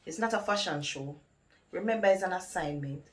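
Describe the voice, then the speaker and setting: A woman's voice: fairly low pitch, fairly quick, close to an everyday voice. A woman with a Jamaican accent playing a bossy woman who coaches her friend, firm and instructive, in a comedy web drama.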